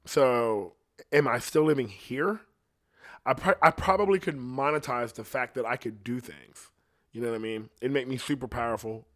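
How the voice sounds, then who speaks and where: A man, a singer, in a loose, rambling monologue, full of swearing and meandering asides. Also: mid-range voice. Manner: profane, meandering, laid-back storytelling. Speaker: singer talking on a podcast.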